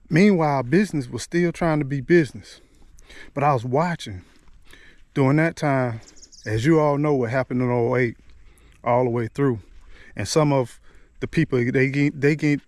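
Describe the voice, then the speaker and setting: A middle-aged man recounts his own story in a loose, conversational way, tossing in "man" and "you know what I'm saying" as he goes. His voice sits a bit higher than most men's. The sound is close and dry, with no room around it. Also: dry recording. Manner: repeats and restarts words as he recalls. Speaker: motivational vlogger. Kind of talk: personal storytelling.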